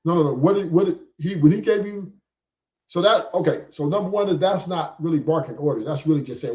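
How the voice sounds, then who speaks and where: A man's voice: fairly high pitch, fairly quick, darkish tone, reverberant. A man hosting a live talk stream, insistently breaking down a caller's argument point by point. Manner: insistent, keeps cutting in to walk points through. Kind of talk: casual debate talk show.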